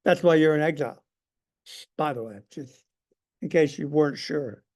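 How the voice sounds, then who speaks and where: A man leads a Sunday school lesson with a gravelly, slightly raised voice. He talks conversationally and with emphasis, breaking off often to put questions to his class. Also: on the high side, normal speed, darkish tone, highs cut off.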